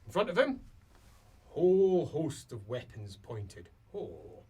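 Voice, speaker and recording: Lively high-voiced game master. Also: male voice, slow pace, slightly rough. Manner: lively, playful, laughing narration. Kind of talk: narrating a tabletop game.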